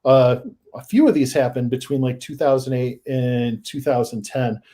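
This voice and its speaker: A man guest on a paranormal podcast, telling his stories in a casual, animated way that rises into excited emphasis. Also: mid-range voice, normal speed. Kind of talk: casual storytelling in a podcast interview.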